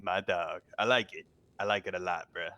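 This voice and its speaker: Roleplay gang member, male, slangy hype man, slightly low voice. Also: moderate pace, pushed and bright. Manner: slangy, hyping others up. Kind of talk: in-character roleplay chat.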